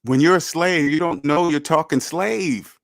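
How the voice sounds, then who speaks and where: A man's voice: a little high, a little slow, gravelly, no room sound, studio quality. A man hosting a personal finance livestream, lecturing emphatically with rhetorical questions and answering chat. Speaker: personal finance show host.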